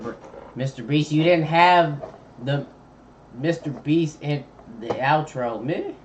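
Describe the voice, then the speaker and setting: Streamer man, laid-back slangy reaction chat, unhurried, dull lo-fi mic with faint room noise. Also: a little high, animated. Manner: laid-back slangy chatter, thinking aloud. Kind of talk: casual live-stream reaction commentary.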